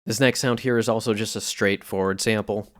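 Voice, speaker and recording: A man casually explaining how he recorded and processed sounds for a music piece, in a relaxed way with a few fillers. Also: on the low side, fairly quick, no echo, clean studio sound. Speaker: music producer. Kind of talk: casual tutorial narration.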